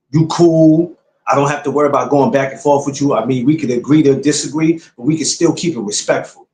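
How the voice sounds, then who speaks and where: A man's voice: mid-range voice, reverberant, a little hiss or hum. A man hosting his podcast, talking casually and bluntly to his viewers, repeating his points like a lecture. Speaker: podcast host. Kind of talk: casual livestream talk to viewers.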